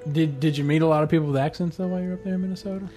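A man's voice: a little high, steady tone, rapid-fire, warm tone, soft background music. A man co-hosting a casual chat show, firing off teasing questions and laughing easily. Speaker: podcast co-host.

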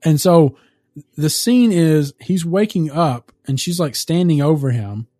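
A man casually recapping a movie on a podcast, animated and profane, often laughing through the story. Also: fairly high pitch, measured pace, dry recording, clean studio sound. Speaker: podcast co-host.

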